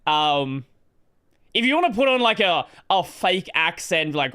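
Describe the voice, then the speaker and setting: A man's voice: high-pitched, very animated, unhurried, bright, forceful tone, smooth. An Australian man streaming and chatting casually, blunt and rambling, laughing and swearing freely.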